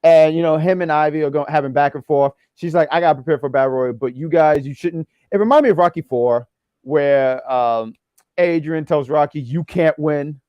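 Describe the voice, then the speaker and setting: A man's voice: fairly high pitch, normal speed, a little mellow, no echo, dull audio. A man hosting a casual wrestling review show, teasing his co-host playfully. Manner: playful teasing, lots of fillers. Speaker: podcast host.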